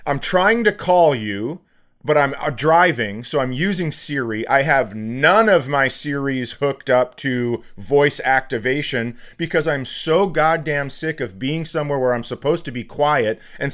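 A man's voice: medium pitch, unhurried, a bit bright. A man hosting a podcast, telling a story in an exasperated comedic rant, swearing freely. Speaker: podcast host.

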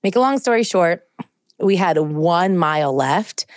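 Young woman, podcast co-host, animated storyteller, low voice, dry sound. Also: measured pace, no echo. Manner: animated storyteller, heavy use of "like". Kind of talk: casual storytelling chat.

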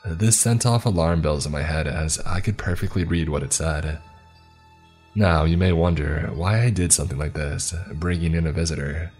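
A man narrating a horror story in first person, in a steady, grave tone. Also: rumbling low, moderate pace, breathy edge, faint music behind.

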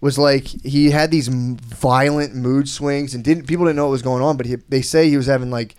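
A man's voice: medium pitch, steady tone, a little fast, darkish tone, smooth. A man chatting as a podcast guest, telling rambling stories, swearing a lot and laughing often. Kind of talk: casual chat.

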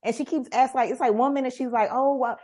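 A woman's voice: sits high, steady tone, racing, a little mellow. Emphatic woman giving her opinion. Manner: emphatic and opinionated, acting out what others say. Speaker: podcast co-host. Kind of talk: casual chat.

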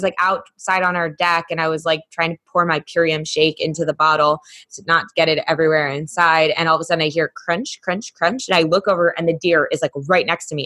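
A woman with a somewhat low voice chats casually as a podcast co-host. She rambles through stories with plenty of fillers. She is heard through a remote call microphone. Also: bright, forceful tone. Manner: chatty storyteller, many fillers. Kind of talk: casual chat.

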